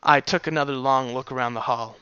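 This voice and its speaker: A man's voice: mid-range voice, steady tone, a little fast, sharp tone, smooth, no echo, highs cut off. A man reading fan fiction aloud in a goofy, self-mocking way, joking between chapters. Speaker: amateur audiobook reader.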